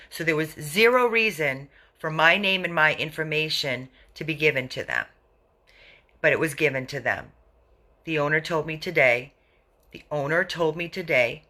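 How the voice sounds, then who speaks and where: Rescue lady on a livestream, bright sharp voice, all fired up, keeps repeating herself to viewers. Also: low voice. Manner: indignant, repeats herself, answers viewer comments. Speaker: animal rescue operator. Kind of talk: live video talking to viewers.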